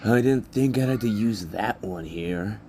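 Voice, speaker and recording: A man with a low voice putting on a calm, aloof teenage boy in a fan story, with cool, offhand replies. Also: measured pace, a little hiss or hum.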